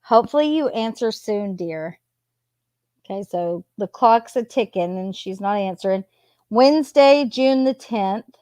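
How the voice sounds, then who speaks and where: A woman's voice: mid-range voice, expressive, measured pace, dark tone, dry recording. A woman casually reading out text messages at home, adding sarcastic asides between them. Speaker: true crime commentator reading text messages. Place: home with a cat nearby.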